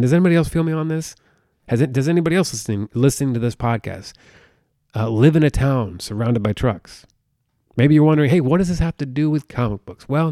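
A man's voice: mid-range voice, mellow, no room sound, studio quality. A man in his thirties from the United States hosting a podcast, ranting casually in a profane, rambling, exasperated way. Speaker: podcast host.

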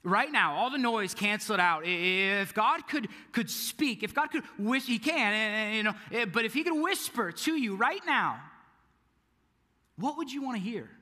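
A young male pastor with a high, very bright voice delivers a casual, story-driven sermon. He drops to a hush and then pushes hard on key lines, and his voice rings with long reverb through a church hall. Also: lively intonation, normal speed. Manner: casual, storytelling, swings from hushed to emphatic.

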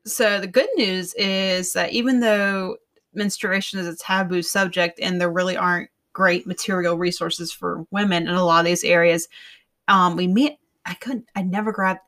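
A woman co-hosting a podcast in casual chat, summarizing in a relaxed, wry way. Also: lowish voice, moderate pace. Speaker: podcast co-host.

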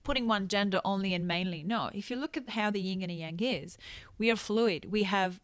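Expressive woman, dry sound. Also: mid-range voice, a little fast, no echo. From Italy. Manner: animated, expressive, laughs readily. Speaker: nutritionist guest. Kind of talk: casual podcast chat.

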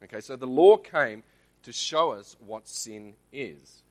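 A man's voice: medium pitch, expressive, slow pace. An Australian man giving a conversational Bible teaching in church, often checking in with the congregation. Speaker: lay preacher.

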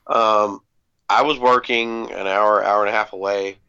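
Man, gravelly voice, casual podcast storytelling, lots of ums, swears, muffled lo-fi sound. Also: on the low side, fairly even intonation, a little slow, pushed and bright. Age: adult parent. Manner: laid-back, swears freely, many ums. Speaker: podcast co-host. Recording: dull lo-fi podcast audio.

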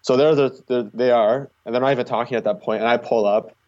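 This young Canadian charity cyclist talks fast in a medium-pitched, slightly mellow voice with fairly even intonation. As an interview guest, he rambles casually through stories, using "like" constantly, and the audio is slightly muffled.

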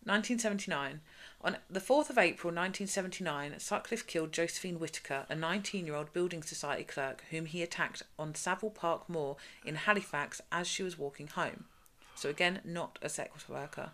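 Woman briskly reading crime case notes. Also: on the low side, fairly bright tone. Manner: brisk, matter-of-fact reading. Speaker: podcast host.

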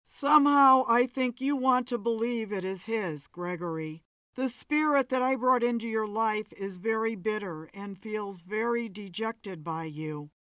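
A woman reading a story aloud voices Kerr, a grave, uneasy older man who breaks bad news reluctantly, dropping her voice somewhat lower. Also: a little slow, a bit bright, no room sound.

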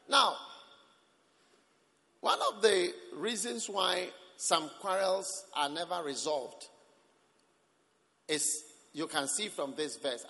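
A male preacher delivering a sermon at a church service, emphatic, with sudden swings between loud and soft. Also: high-pitched, slow pace, vocal fry, pauses often, big-room sound.

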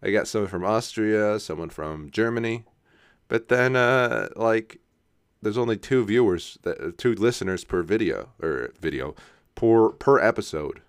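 A man's voice: on the low side, unhurried, clear, resonant tone, no echo, studio quality. A young man hosting a solo podcast, rambling casually, often laughing at himself and checking in with "right?". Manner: casual, self-mocking, laughs often, says "right?" a lot. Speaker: podcast host.

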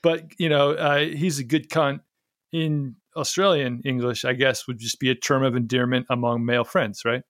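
A man's voice: medium pitch, fairly even intonation, moderate pace, fairly bright tone, no room sound, clean studio sound. A man hosting a podcast, talking casually, swearing freely and poking fun at himself. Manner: chatty, swears freely, self-mocking. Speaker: podcast host. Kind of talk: casual chat.

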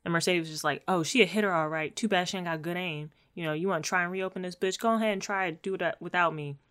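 A woman's voice: fairly low pitch, fast, fairly bright tone, clear, resonant tone. A woman co-hosting a casual podcast, playfully recapping a TV episode in slang and laughing easily. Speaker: podcast co-host.

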